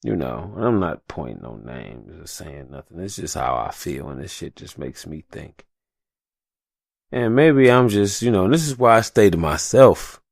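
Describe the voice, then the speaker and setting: A man's voice: low voice, sing-song, moderate pace, vocal fry, no room sound, clean studio sound. A young adult man hosting a solo podcast, talking in a heated, passionate and profane way. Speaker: podcast host.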